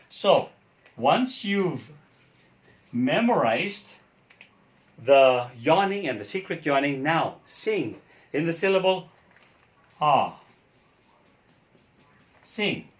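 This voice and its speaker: A man who is a pastor, teaching a singing lesson and patiently explaining each step while demonstrating sounds. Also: mid-range voice.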